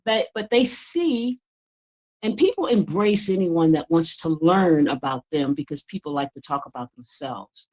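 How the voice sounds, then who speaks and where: A woman's voice: on the low side, a little mellow, highs cut off. An older woman, a guest in a casual interview, talking earnestly and often repeating words as she builds her point. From United States. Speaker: guest author.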